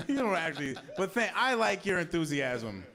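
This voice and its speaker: A man with a high, gravelly, bright and forceful voice swings widely in pitch at a moderate pace while hosting a comedy open mic in a small venue. He jokes loosely and laughs at his own flops in self-mocking banter, with crowd noise around him.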